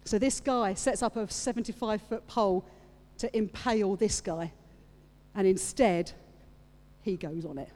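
A woman's voice: medium pitch, measured pace, darkish tone. A woman preaching a sermon, retelling a story with playful asides to her congregation. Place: church hall with audience. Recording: long reverb of a large hall.

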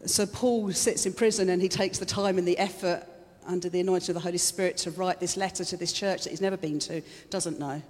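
A woman's voice: fairly low pitch, steady tone, fairly quick, hardly any pauses, a little mellow. A woman giving a chatty, conversational sermon, openly emotional and laughing often. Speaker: preacher. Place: church hall. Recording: long hall reverb.

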